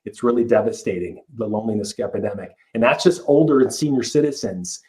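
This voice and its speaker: A man's voice: fairly low pitch, lively intonation, fast, darkish tone, rough recording. Earnest middle-aged male life coach. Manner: earnest, emphatic, with many restarts. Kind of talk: podcast interview.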